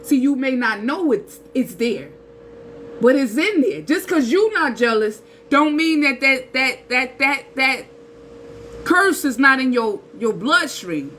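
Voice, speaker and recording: Bright-voiced woman preaching casually. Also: high-pitched, slow pace, slight background noise, poor audio. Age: 30s. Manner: animated, preachy, street slang, rhetorical asides. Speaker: spiritual channel host. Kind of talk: casual spiritual talk to camera.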